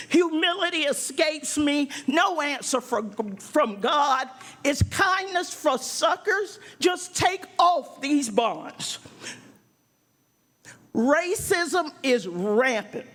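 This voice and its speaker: A woman performing her own spoken word poem with intense, rhythmic delivery that builds to shouts. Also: high-pitched. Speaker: poet.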